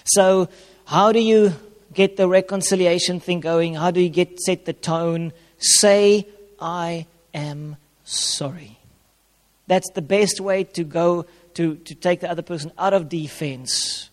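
A man's voice: sits high, steady tone, normal speed, a little mellow. A man giving an informal sermon on marriage as a pastor, conversational and plain-spoken, repeating key phrases. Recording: long hall reverb.

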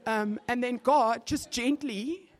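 A woman's voice: a little high, slow pace. A woman with a South African accent preaching a testimony sermon and acting out conversations as she tells them. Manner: animated storytelling, acting out conversations. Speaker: church speaker.

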